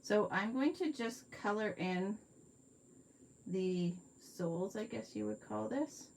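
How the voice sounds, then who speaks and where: A woman's voice: medium pitch, expressive, takes it slowly, creaky, darkish tone, slight background noise. A Canadian woman hosting a live craft tutorial, chatting viewers through each step at her workspace and answering their comments. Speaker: card-making demonstrator.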